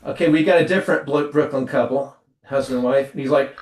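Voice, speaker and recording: A man's voice: medium pitch, fast, roomy sound, far from the mic. A man co-hosting a talk show, riffing crude comedy and laughing at his own jokes. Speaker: podcast co-host.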